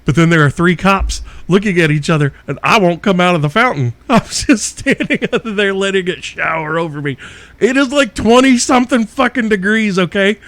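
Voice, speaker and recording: A man's voice: sits high, moderate pace, a bit bright, no room sound. A middle-aged man hosting a podcast, telling a wild story in a casual, profane way and laughing often as he goes. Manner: profane, laughs through his own story. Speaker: podcast host.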